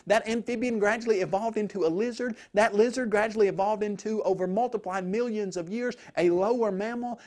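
A man's voice: high voice, a little mellow, lightly acted. A man voicing an eager schoolgirl who rattles off a memorized lesson.

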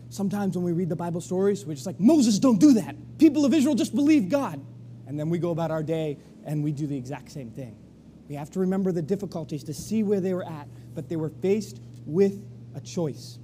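In a church sanctuary, a pastor delivers a sermon in a high voice that is still very dark and mellow, speaking fairly quickly. He tells the story energetically and acts out the crowd's voices, while a faint hum runs beneath the live-stream audio.

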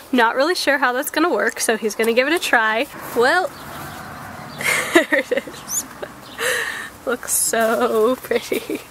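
Slow-talking hoarse woman vlogging. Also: a little high, fairly bright tone, slight background noise, poor audio. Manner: chatty, laughs often. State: hoarse from a cold. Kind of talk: casual travel vlog.

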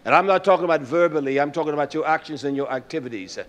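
A man preaching a sermon in a fiery, scolding style that drops to a quiet, storytelling voice. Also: on the high side, very fast.

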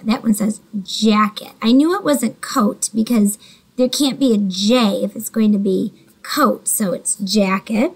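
Slow, patient woman teaching young readers. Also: a little high, rough recording. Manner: slow, patient, encouraging, talks to unseen children by name. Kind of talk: early reading lesson for young children.

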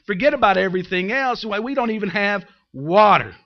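A man's voice: high-pitched, expressive, a little fast, muffled recording. A man voicing a pious, self-pitying complainer who whines in a raised voice. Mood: whining. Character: pious, whining complainer of either sex.

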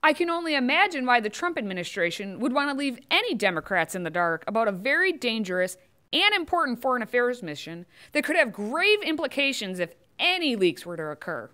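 A woman's voice: on the high side, big pitch swings, fairly quick, pushed and bright. A woman hosting scripted political commentary, delivering it with sarcastic, mocking asides.

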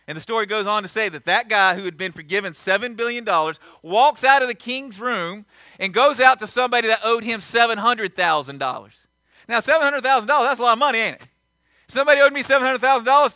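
A pastor preaching a sermon, repeating key lines and swinging from quiet asides to loud, emphatic peaks. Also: male voice, high-pitched, lively intonation, a little fast, dry recording.

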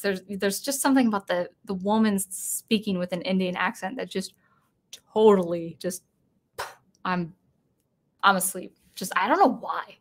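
A woman's voice: medium pitch, moderate pace, pauses often. A woman hosting a casual live-stream chat, talking in a rambling way with many restarts and self-corrections. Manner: chatty and reading viewer comments aloud.

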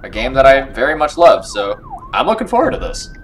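A man's voice: fairly high pitch, wildly swooping pitch, a little fast, a little hiss or hum, rough recording. A young man hosting a video game playthrough, reading the game's dialogue aloud in silly voices and joking between lines. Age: young adult. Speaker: let's play host. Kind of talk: let's play commentary with dialogue read in voices. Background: game music.

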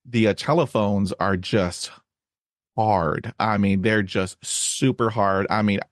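A man who stutters, hosting a podcast and sharing his own experience in a halting way, with many fillers and repeated words. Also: on the low side, no echo, studio quality. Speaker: podcast host. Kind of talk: casual conversation.

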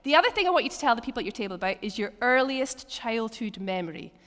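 A woman preacher leading an interactive church teaching session, telling Bible stories with animated asides and acted-out lines. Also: a little high, quick pace. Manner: lively, animated storytelling with acted quotes and laughs. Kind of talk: interactive sermon with table activities. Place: church hall. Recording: long church hall reverb.

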